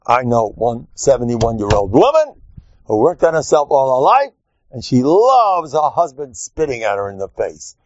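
A man giving a humorous Torah lecture as a rabbi, joking and teasing as he teaches. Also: no room sound. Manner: animated, joking, acts out quotes in squeaky voices. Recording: dull, dry lo-fi recording.

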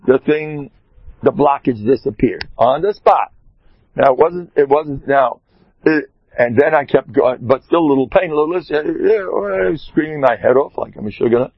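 A man, a rabbi, telling a story in an animated way and mixing in Hebrew and Yiddish terms. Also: medium pitch, moderate pace, vocal fry, slightly rough, dry recording, muffled recording. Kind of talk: storytelling talk.

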